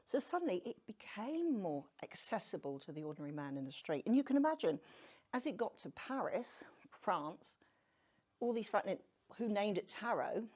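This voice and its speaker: A woman lectures a live audience in a loose, conversational way, teasing herself and throwing questions out to the room. Her pitch swings widely as she talks. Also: very animated, normal speed, darkish tone, breathy edge. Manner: chatty and self-deprecating, asks the audience questions. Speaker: tarot speaker giving a public talk.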